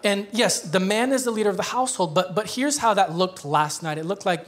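High-voiced joking pastor man. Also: fairly quick. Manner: conversational, joking, laughs often. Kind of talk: sermon. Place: church.

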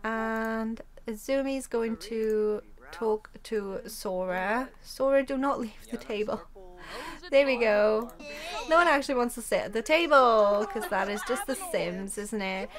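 A woman's voice: on the high side, unhurried. Chatty young woman narrating gameplay. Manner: chatty, laughs easily. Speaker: gaming channel host. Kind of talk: casual let's-play narration.

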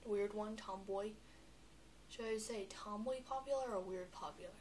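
A young girl talking on a vlog, chatty and animated, with lots of filler words. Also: mid-range voice, moderate pace, slight background noise. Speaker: vlogger. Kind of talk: rambling vlog monologue.

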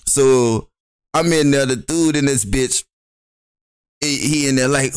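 Young male podcast co-host, mid pitch, spins a rowdy story full of laughs and put-on voices, close dry mic. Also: expressive, moderate pace, clear, resonant tone, dry recording. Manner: loud, laughing, acts out voices in his stories. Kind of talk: animated storytelling.

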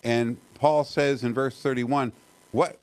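A middle-aged man preaching a sermon as pastor, talking earnestly and conversationally, with rhetorical questions and frequent restarts, slowing down to stress key phrases. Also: medium pitch, fairly even intonation, low-quality recording.

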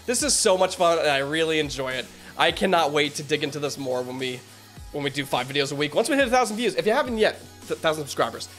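An excitable man reacting to music, gushing and laughing between lines in loose, casual commentary. His voice sits a touch high, and faint music hums behind him. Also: quick pace. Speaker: reaction video host.

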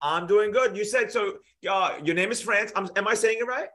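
An American man hosts a live trading show, chatting in a friendly, casual way and often repeating himself. His voice sits high and a bit bright, moving at a moderate pace.

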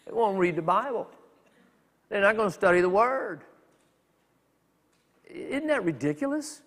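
A man preaching a sermon as a minister, talking in a conversational, animated way with quick acted asides. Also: high-pitched, in a large hall. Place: church sanctuary.

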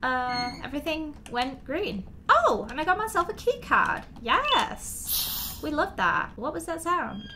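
Lively high-voiced woman playing games. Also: a little slow. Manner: playful, chatty, talks to in-game objects. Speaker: gaming video host. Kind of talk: horror game let's-play commentary. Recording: steady background noise.

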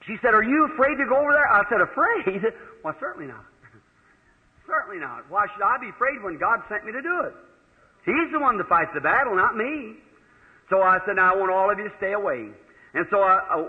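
A man with a Southern American accent preaching, telling a folksy testimony and acting out the people he quotes. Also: sits high. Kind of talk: sermon storytelling. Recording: tinny old radio-like archive recording in a big hall.

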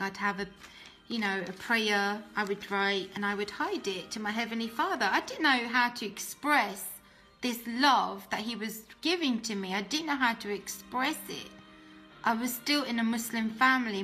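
A woman's voice: medium pitch, bright, forceful tone. A woman telling her personal faith testimony in an earnest, emotional way, often restarting her sentences. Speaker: testimony speaker.

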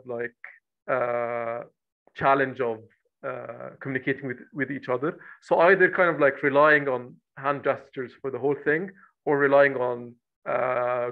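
A man's voice: mid-range voice, gravelly, muffled recording. A man hosting a podcast, asking questions in a hesitant way, with many "uh"s and restarts. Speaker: podcast host. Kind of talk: interview questions.

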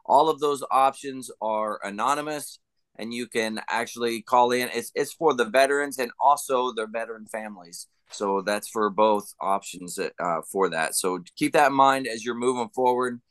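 A man's voice: medium pitch, normal speed, fairly bright tone, no room sound. A man hosting a podcast, closing the show in an earnest, plain-spoken way. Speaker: podcast host. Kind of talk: show sign-off.

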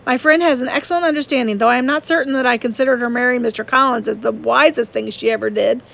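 A woman reading as a sharp-witted young lady. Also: on the high side, fairly even intonation, quick pace, creaky. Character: witty young woman, lively and sharp-tongued. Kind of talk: audiobook reading.

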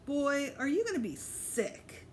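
A mischievous storybook schoolboy teases in a hushed, gleeful voice, stretching out his words, as a woman reader puts him on. He sounds pleased with himself. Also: high voice, big pitch swings, slow, slight background noise, pitched above the performer's own voice, full character voice. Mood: teasing. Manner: hushed, relishing.

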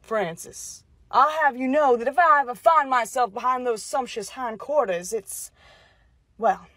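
A woman voicing a flirtatious male soldier with a put-on Texan accent and a slow drawl. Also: a little high, fairly bright tone, dry recording, voice pushed down.

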